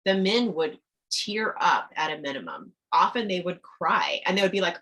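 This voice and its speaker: Brief: middle-aged woman, lowish bright voice, lively guest coach, acts out quotes. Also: fairly quick, poor audio. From Midwestern United States. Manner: animated, enthusiastic, acts out quotes. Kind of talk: conversational podcast interview.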